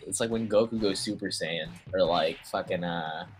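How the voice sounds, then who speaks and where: A young man casually commentating a computer fighting game tournament, excitable and slangy, swearing often. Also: sits low, moderate pace. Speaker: stream commentator.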